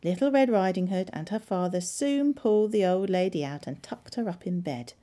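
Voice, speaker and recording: A woman librarian reads a children's story aloud, measured and expressive. Her voice is mellow and warm, at a middle pitch. It rises and falls in a very lively, sing-song way.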